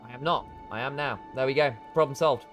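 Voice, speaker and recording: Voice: mid-range voice, brisk, a bit bright, soft background music. A game streamer chatting casually while playing, thinking aloud and trailing off now and then. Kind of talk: casual live gameplay chat.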